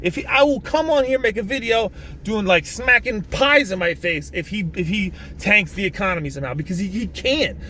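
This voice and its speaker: A man's voice: high-pitched, a little fast, pushed and bright, slight background noise. A man ranting casually to camera in a vlog, rambling with many restarts, swearing and bursting out emphatically. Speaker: vlogger. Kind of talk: casual political rant to camera. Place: in a vehicle.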